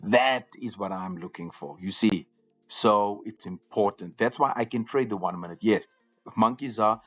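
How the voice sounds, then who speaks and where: A man's voice: fairly low pitch, moderate pace, a bit bright. A man hosting a live trading room, talking casually to viewers and often repeating words as he goes. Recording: slightly dull lo-fi audio with faint music.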